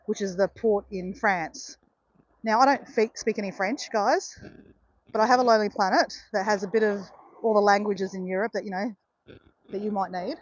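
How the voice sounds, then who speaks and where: A woman's voice: medium pitch, dry recording, highs cut off. A middle-aged woman chatting casually on a walk, telling a story and often checking in with her viewers. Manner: chatty, keeps saying "guys" and "right". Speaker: vlogger.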